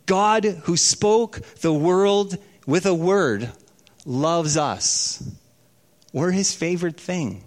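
A man preaching a sermon, telling stories and slowing down for emphasis. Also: high voice. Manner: storytelling, slows down for emphasis. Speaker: pastor.

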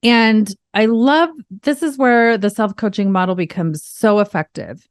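A woman's voice: medium pitch, a little slow, no echo, clean studio sound. A young adult woman hosting a podcast, giving upbeat, chatty relationship advice and often checking in with "right?". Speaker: podcast host. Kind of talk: casual relationship advice talk.

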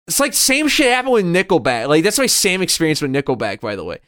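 A man's voice: a little high, very animated, quick pace, a bit bright. A man in his thirties in a rambling, swearing casual chat as a podcast co-host. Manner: rambling, swears freely, many restarts.

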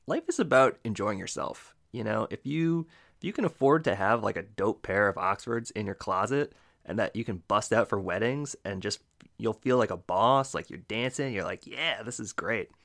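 Male podcast co-host, low-pitched, animated, emphatic, slangy. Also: moderate pace. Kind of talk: casual podcast chat.

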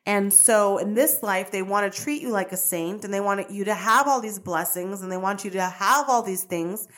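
A woman hosting a podcast, telling a personal story in a chatty, animated way that wanders off on tangents. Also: mid-range voice, normal speed. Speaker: podcast host.

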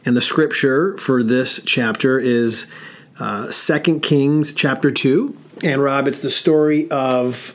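A man co-hosting a casual podcast discussion, talking in a halting way with many fillers and restarts. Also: a little high. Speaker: podcast co-host.

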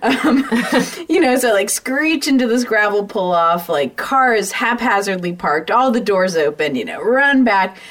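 A woman's voice: medium pitch, lively intonation, measured pace, a bit bright. Laughing, swearing woman podcast co-host. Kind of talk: casual chat.

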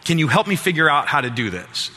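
A man's voice: on the high side, sing-song, quick pace, sharp tone. A man telling a personal story to an audience in a sermon-style talk, acting out his own quotes with self-deprecating humor. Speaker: speaker addressing an audience. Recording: long hall reverb.

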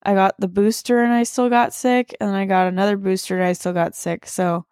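A woman's voice: medium pitch, flat delivery, fairly quick, darkish tone, clean tone, no room sound, clean studio sound. A woman co-hosting a casual podcast from home, rambling along with lots of fillers while lying on the floor. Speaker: podcast co-host.

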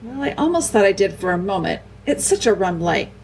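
A woman voicing an excited young boy king who talks in a breathless, urgent way. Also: medium pitch, brisk, a little hiss or hum. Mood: wondering.

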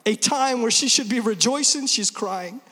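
A man in his thirties preaches an Easter sermon, his voice sitting very high for a man. He drives points home with emphasis, then slips into quick humorous asides. Long reverb trails behind him in a large church hall. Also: sharp tone. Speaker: pastor.

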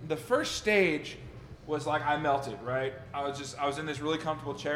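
A man's voice: fairly high pitch, fairly quick, fairly bright tone. A man hosting a podcast, telling loose, profane stories in casual chat. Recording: reverberant room, faint noise.

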